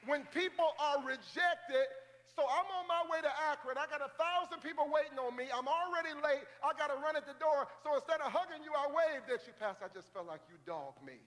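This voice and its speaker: A man preaching a sermon as pastor of a large church, building to shouted calls to the congregation. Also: extremely high pitch, a little fast, big-room sound. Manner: preaching, rising to shouted call-and-response.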